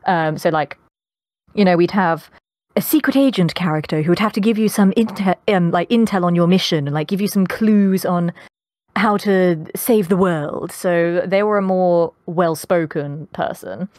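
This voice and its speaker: A woman's voice: on the low side, normal speed, a little mellow, no echo, clean studio sound. A young adult woman with a posh British accent, chatting as a podcast guest, with lots of ums. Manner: chatty, many ums, laughs often. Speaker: guest voice actress. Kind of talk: casual podcast interview.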